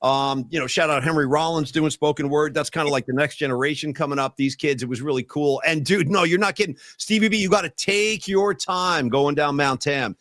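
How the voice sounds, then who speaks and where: An animated man with a somewhat high voice hosts a casual podcast chat. He tells long stories and acts out his own yelling along the way. His voice sounds dry and close to the mic. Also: fairly quick, hardly any pauses, no room sound. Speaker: podcast host.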